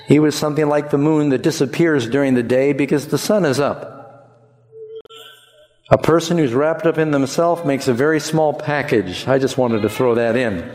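A man preaching a sermon in an animated way, leading the congregation to repeat lines back to him. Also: a little high, big-room sound.

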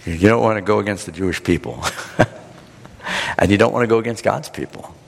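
A man preacher giving a sermon, retelling the story in a dramatic, animated way. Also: fairly low pitch, fairly quick, creaky, slightly rough. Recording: long hall reverb.

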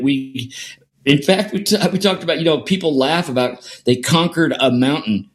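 A man's voice: fairly high pitch, normal speed. A middle-aged man, a guest in an interview, telling a story earnestly and repeating phrases for emphasis. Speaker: guest, sport performance scientist.

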